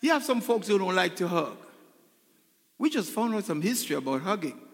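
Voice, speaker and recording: A man's voice: high-pitched, sing-song, a little fast, a bit bright. A male pastor preaching a sermon in a church, repeating phrases and asking the congregation for an "Amen". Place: church sanctuary. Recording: long reverb in a large hall.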